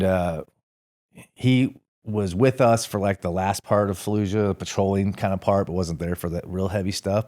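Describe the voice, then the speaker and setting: A man in his forties, a podcast guest telling stories in a relaxed, rambling, salty way, full of fillers and the odd curse. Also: fairly low pitch. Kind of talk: casual storytelling interview.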